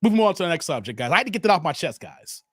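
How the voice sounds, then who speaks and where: A man hosts a live stream and talks straight to his chat in a fired-up, casual rant. His voice sits high and swings wide as he gets worked up. The sound is dry and close, with no room around it. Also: sing-song, very fast, fairly bright tone, husky, dry recording. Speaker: livestream host.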